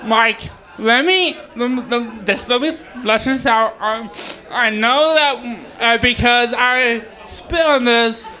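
A man's voice: extremely high pitch, takes it slowly, sharp tone. A man doing a stand-up comedy set at an open mic, who talks with a speech impediment and jokes about it with the crowd. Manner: self-deprecating, joking with the crowd. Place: bar stage with live audience.

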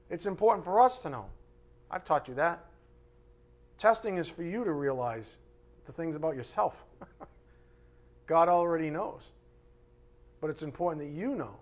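Animated preaching man, raised pitch. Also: normal speed, long pauses. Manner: animated preaching, reads scripture aloud, acts out God's voice in asides. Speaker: pastor. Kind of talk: live sermon from the pulpit. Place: church sanctuary.

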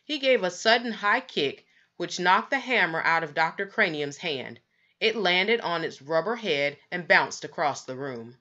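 A woman reading a children's book aloud with expressive, measured narration. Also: low-pitched, highs cut off. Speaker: storybook reader.

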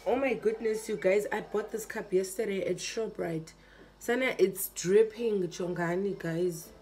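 A young South African woman vlogs casually to camera, complaining in an exasperated way directly to her viewers. Her mid-range voice is a little mellow and measured, with background music and slight background noise.

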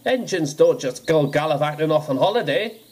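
A man's voice: a little high, lively intonation, brisk, a little mellow. Donald, a man doing an engine. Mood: weary. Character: weary kindly Scottish male tank engine. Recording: music playing under the voice.

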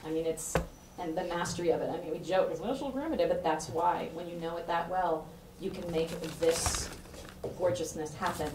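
A woman's voice: fairly low pitch, a little fast, background noise. A woman giving a heartfelt introduction speech for an author at a bookstore event, chatty and effusive, laughing often as she talks. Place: bookstore event room with an audience. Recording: roomy hall, voice picked up from a distance, faint ambience.

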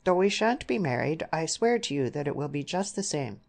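A woman's voice: low-pitched, very animated, normal speed, creaky, darkish tone, full character voice. A woman voicing a young man, an earnest and impulsive suitor who speaks eagerly.

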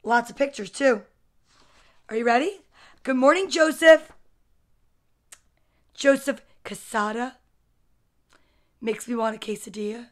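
With a fairly high pitch, a measured pace, and long pauses, the woman runs her casual storytime livestream. She gushes and chats between books, saying hello to viewers by name.

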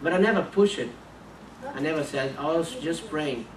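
Earnest preacher in an echoey church. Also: male voice, on the high side, animated, normal speed, a little hiss or hum. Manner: repeats and restarts words, earnest storytelling. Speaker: missionary preacher. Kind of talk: sermon with a personal story. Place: church sanctuary. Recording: echoey church room, mic at a distance.

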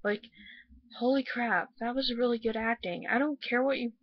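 A woman's voice: a little high, normal speed, lo-fi sound. A young woman from the United States giving a casual, rambling video review, gushing with many fillers after crying. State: just finished crying. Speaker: vlogger.

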